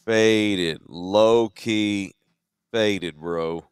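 A man's voice: fairly low pitch, extremely slow, clear, resonant tone, no room sound, studio quality. A man with a Texan accent, co-hosting a late-night chat show, tired, rambling and laid-back with loose profanity. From Central Texas. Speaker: podcast co-host.

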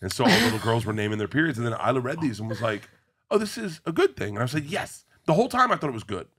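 Man, forties, comedian, lively up-and-down delivery, mid-pitched, profane, laughs through it. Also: rapid-fire, a little hiss or hum. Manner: animated, profane, laughs through his own story. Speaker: comedian guest. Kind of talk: comic storytelling on a talk show.

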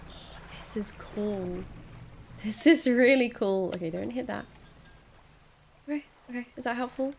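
A woman's voice: fairly high pitch, unhurried, creaky, pauses often, a little mellow, a little hiss or hum. A woman streaming a spooky fishing game, reacting nervously and talking herself through each scare. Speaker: gaming streamer. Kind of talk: let's play commentary.

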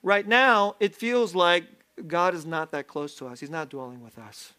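Male pastor preaching, high voice, lively, self-deprecating, frequent laughter. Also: normal speed, smooth. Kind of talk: sermon. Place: church sanctuary.

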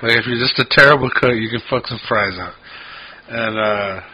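His voice is medium in pitch, pushed and bright with some breathiness, moving at a moderate pace. He's a podcast co-host who swears a lot and wanders through long-winded stories in casual talk, captured in dull lo-fi audio.

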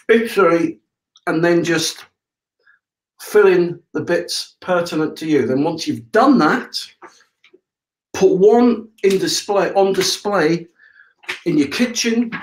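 Hosting a laid-back live broadcast, a man who runs a septic tank business walks through things one step at a time, chatting and checking in with his listeners. His voice sits high, and the rough recording has a roomy sound.

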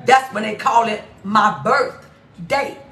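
A woman's voice: fairly high pitch, slow pace, crowd noise. A woman pastor preaching an exuberant sermon, laughing often and repeating her phrases over and over. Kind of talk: lively sermon. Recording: echoey room, off mic.

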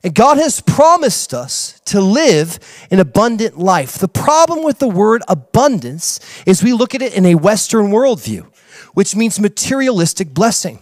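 A man preaching a sermon as a pastor, telling a story with acted-out dialogue and building to excited preaching. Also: sits high, measured pace, no echo. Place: church.

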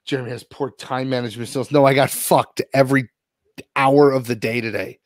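A man's voice: medium pitch, fairly quick, dry recording, clean studio sound. A man co-hosting a podcast, telling a long story and swearing constantly. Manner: swears constantly, animated retelling. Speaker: podcast co-host. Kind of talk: casual profane storytelling.

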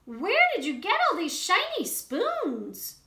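A woman's voice: very high voice, wildly swooping pitch, slow, pushed and bright, voice pushed up, heavily acted. A woman voicing a gushing, admiring young chick. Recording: roomy echo.

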